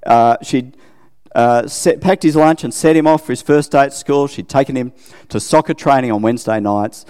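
Speaking at normal speed in a large hall, a middle-aged Australian man has a clear, resonant, mid-range voice with a darkish tone. His sermon is chatty and self-deprecating, and he frequently asks his listeners questions.

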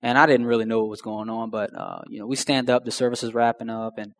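A man's voice: mid-range voice, steady tone, fast talker, fairly bright tone. A young man telling his personal testimony in a slangy, conversational way that addresses the crowd directly. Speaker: speaker sharing a testimony. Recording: long hall reverb.

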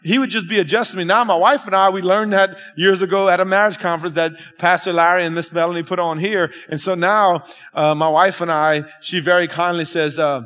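A man's voice: high voice, brisk, few pauses, sharp tone. A man preaching a sermon at a church service, emphatic and calling out to the congregation. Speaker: pastor. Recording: long reverb of a church hall.

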